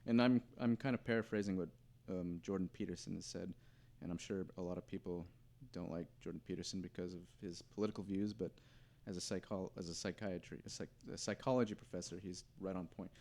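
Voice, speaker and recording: A man's voice: sits low, steady tone, fast, vocal fry, a little mellow. A man in casual podcast chat, rambling and hesitant, restarting his sentences often.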